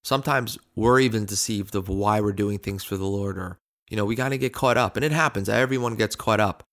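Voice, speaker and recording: A man's voice: fairly low pitch, brisk, fairly bright tone. A man co-hosting a ministry discussion, speaking in an earnest, affirming way and reading scripture aloud. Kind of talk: conversational Bible discussion.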